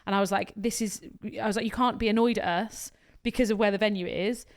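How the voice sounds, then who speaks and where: Fast-talking blunt woman. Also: mid-range voice. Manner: blunt, animated storytelling with quoted dialogue and swearing. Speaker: podcast co-host. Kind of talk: casual chat.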